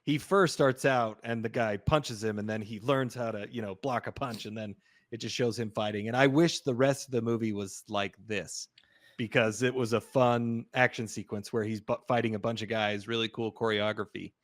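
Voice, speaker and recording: A man's voice: lowish voice, steady tone, moderate pace. A man co-hosting a film podcast, easygoing and agreeable, chatting casually and laughing often. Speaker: podcast co-host. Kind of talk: casual film review chat.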